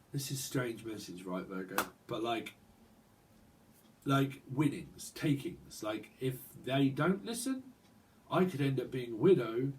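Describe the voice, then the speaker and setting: A man's voice: medium pitch, a little mellow, recorded from a distance, a little hiss or hum, poor audio. A man giving a rambling psychic tarot reading, free-associating and tagging "right?" onto his lines. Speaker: tarot reader.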